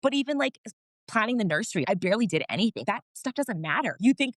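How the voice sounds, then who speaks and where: A woman's voice: a little high, lively intonation, quick pace, a bit bright, no echo. A woman guest on a podcast, a mother of four, telling her story candidly and earnestly, laughing often and restarting sentences.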